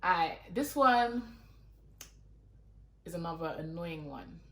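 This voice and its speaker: A woman's voice: fairly low pitch, animated, slow pace, a bit bright, a little hiss or hum. A young woman with a London accent chatting to camera as a YouTuber, exasperated and talky, leaning on "like" a lot. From London, England. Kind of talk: casual chat to camera. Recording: roomy echo.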